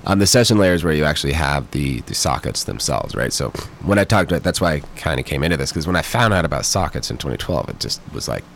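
Deep-voiced stuffy-nosed man explaining tech. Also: expressive, fast, vocal fry, few pauses, fairly bright tone, a little hiss or hum. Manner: explains eagerly, many fillers. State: stuffy nose. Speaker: guest, software developer. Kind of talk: casual interview chat.

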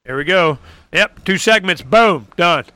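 Male talk host, very bright crisp voice, dry close sound, rambling sarcastic delivery. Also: high voice, unhurried, dry recording. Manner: rambling, animated, sarcastic asides. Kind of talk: casual political talk.

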